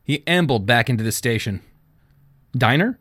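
A man narrating a novel as an audiobook, with expressive storytelling. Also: medium pitch, moderate pace, no echo, studio quality. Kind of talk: scripted narration.

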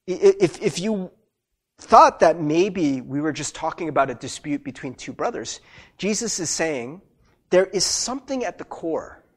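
Man, pastor, sermon, high voice, lively pitch, conversational asides. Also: husky. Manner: animated, conversational preaching with many asides.

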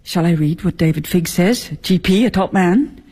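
A woman's voice: on the low side, moderate pace, warm tone, husky. An actress playing a bitter, sarcastic middle-aged wife and mother in a radio drama. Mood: bitter, grieving. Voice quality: cutting, sarcastic.

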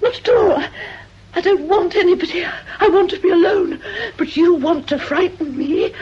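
A frightened, pleading spinster. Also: female voice, very high-pitched, moderate pace. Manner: pleading, trembling, tearful. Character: frightened, fragile woman, nervous and pleading. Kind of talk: radio drama acting. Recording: dull lo-fi old radio recording.

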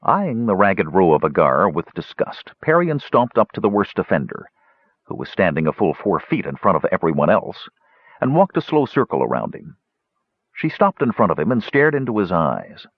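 A man narrating a fantasy audiobook in a steady, expressive way. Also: low voice, moderate pace, slightly rough, no echo. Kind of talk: scripted narration. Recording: dull lo-fi recording.

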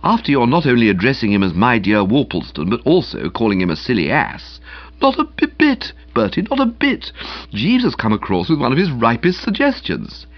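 A man voicing an eager, excitable young gentleman friend who lays out schemes in an emphatic, breathless rush, in an audiobook. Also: mid-range voice, normal speed, no room sound, highs cut off. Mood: insistent. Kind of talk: audiobook character voice.

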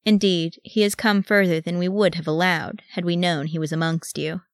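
A woman playing a haughty elf guard, slow and cold. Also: lowish voice, steady tone, no echo, clean studio sound, natural voice. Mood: stern.

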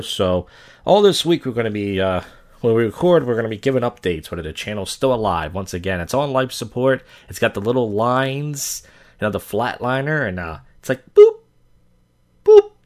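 A man's voice: lowish voice, animated, fairly quick. A young man hosting a casual solo podcast, rambling and venting bitterly with plenty of swearing. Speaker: podcast host.

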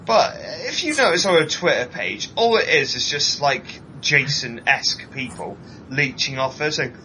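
Animated, bright-voiced man ranting. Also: normal speed, hardly any pauses, a little hiss or hum, poor audio. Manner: animated ranting, mocking mimicry in high voices. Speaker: podcast co-host. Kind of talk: casual chat.

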